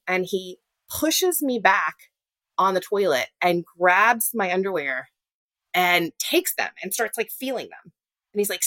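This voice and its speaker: A woman telling her own story in an interview, earnest and halting, often restarting and acting out what was said. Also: lowish voice, lively intonation, fairly bright tone, no room sound. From Louisiana. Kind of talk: personal storytelling in a podcast interview.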